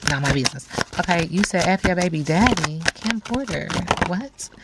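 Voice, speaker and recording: Low-voiced chatty woman tarot reader. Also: expressive, brisk, heavy background noise. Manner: chatty, slangy, frequent asides. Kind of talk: casual tarot reading to camera.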